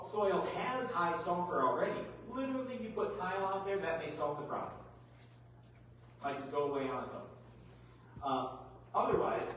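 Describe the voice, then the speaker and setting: A middle-aged man giving a farm workshop talk, folksy and animated, full of rhetorical questions. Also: a little high, a little hiss or hum. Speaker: agronomy speaker. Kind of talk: workshop presentation. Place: large hall. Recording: echoey hall, mic far off.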